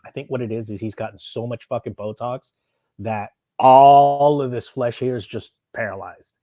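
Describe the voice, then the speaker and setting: A man chatting casually on a live stream while unboxing, excitable and rambling, swearing freely. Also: mid-range voice, moderate pace, no echo. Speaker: streamer unboxing and answering chat.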